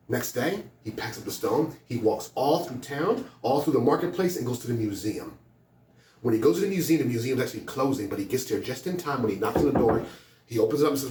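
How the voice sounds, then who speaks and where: In a school hall, a male motivational speaker with a mid-range, slightly mellow voice talks fast and animatedly, telling students a story that builds to urgent emphasis. He's recorded from a distance in an echoey room, with slight background noise.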